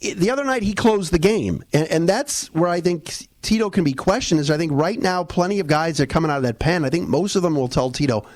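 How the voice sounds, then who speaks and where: A man co-hosting a casual sports podcast, talking in an animated, rambling way with restarts and fillers. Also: on the high side, brisk, hardly any pauses, no echo. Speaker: podcast co-host.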